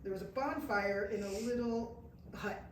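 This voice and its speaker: An American woman with a medium-pitched voice, talking at a normal speed, shares a travel story live before an audience in an indoor event room. She plays the characters she quotes and pokes fun at herself. The sound is picked up from far away in an echoey room, with a little background noise.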